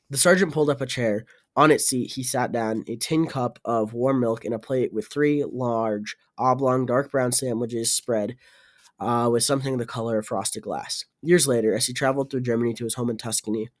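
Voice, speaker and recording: A man narrating an audiobook, reading in a halting way with fillers and restarts. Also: medium pitch. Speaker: audiobook reader.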